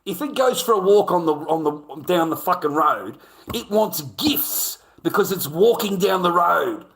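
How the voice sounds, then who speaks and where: Australian male streamer, slightly high voice, indignant, profane, casual rant. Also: lively intonation, a little slow, gravelly, fairly bright tone. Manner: profane, indignant, repeats himself.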